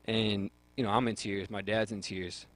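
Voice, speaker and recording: A man's voice: lowish voice, flat delivery, normal speed, a bit bright, rough recording. Earnest young man sharing his testimony. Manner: earnest, repeats words while searching for them. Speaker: guest. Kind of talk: personal faith testimony on a radio talk show.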